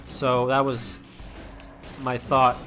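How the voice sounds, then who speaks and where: A man's voice: medium pitch, completely flat delivery, extremely slow, pushed and bright, faint music behind. A young man hosting a let's-play, chatting casually as he plays, rambling with lots of restarts and fillers. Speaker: gaming channel host.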